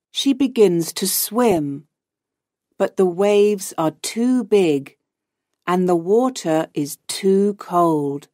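Woman narrator for learners, clear and unhurried, dry close sound. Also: mid-range voice, a little mellow, dry recording. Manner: slow, clear, simple reading. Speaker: audiobook narrator. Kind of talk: graded reader narration for learners.

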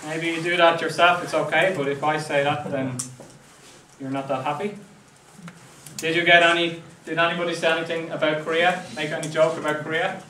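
Male lecturer, conversational, slightly high-pitched, recorded from afar in a roomy classroom with faint hiss. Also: little pitch movement, a little fast, bright, forceful tone. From Ireland. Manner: conversational, checks in with "right?" often. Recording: echoey classroom, mic at a distance.

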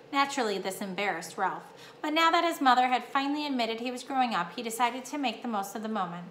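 Bright-voiced teacher reading aloud. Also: female voice, a little high, fast talker. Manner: warm-up questions to the class, lively reading. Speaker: fourth-grade teacher. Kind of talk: reading a chapter book aloud. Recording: echoey room, faint hum.

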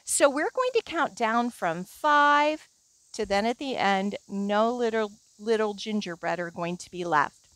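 A woman librarian reading a fairy tale aloud and leading children's storytime outdoors, slow and expressive. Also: a little high, poor audio.

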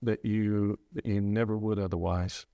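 A middle-aged man, a preacher, speaking earnestly about losing his wife, halting often and restarting his sentences. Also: fairly low pitch, steady tone, no echo, dull audio. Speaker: preacher sharing his loss. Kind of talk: reflective interview talk.

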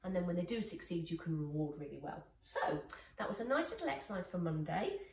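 A woman's voice: lowish voice, very animated, brisk, a little mellow. A woman, a dog trainer demonstrating exercises in a casual, encouraging way. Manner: praising, encouraging. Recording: echoey room, far from mic, faint noise.

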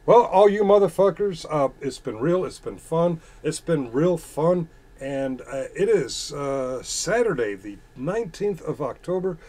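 A man's voice: fairly high pitch, animated, a little slow, a little mellow, breathy edge. Profane mocking man reading viewer chat. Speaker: channel host reading chat. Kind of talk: casual chat stream.

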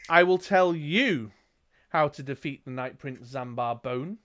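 A man's voice: medium pitch, unhurried, fairly bright tone. A man narrating a gamebook as game master, with dry joking asides. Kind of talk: reading and narrating a gamebook playthrough.

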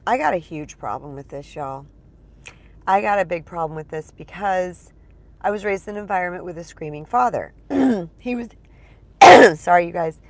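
A woman's voice: on the low side, animated, moderate pace. A middle-aged woman, a spiritual empowerment coach, giving advice in a conversational, emphatic way and swearing casually.

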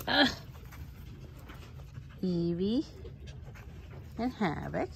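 A woman's voice: on the low side, expressive, a little slow, long pauses, a little hiss or hum. Woman cooing at foxes, sing-song. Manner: coos and chats to the foxes in a sing-song pet voice. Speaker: fox sanctuary caretaker. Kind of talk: casual talk to animals while filming. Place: outdoor animal enclosures.

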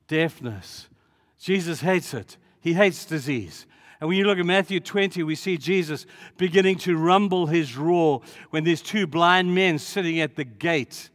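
Male pastor, high voice, dramatic storyteller, big reverberant hall. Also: fairly bright tone. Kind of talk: sermon.

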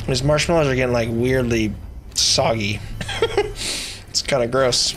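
A man streaming a video game live, talking excitedly and mockingly at himself with his mouth stuffed with marshmallows. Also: medium pitch, measured pace, slight background noise. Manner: muffled speech with marshmallows in mouth. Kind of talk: live gameplay commentary.

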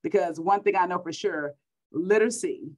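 A woman's voice: lowish voice, moderate pace, a little mellow, poor audio. A middle-aged woman from Texas with a Texan accent, a school superintendent giving an upbeat keynote speech over a video call, repeating words for emphasis.

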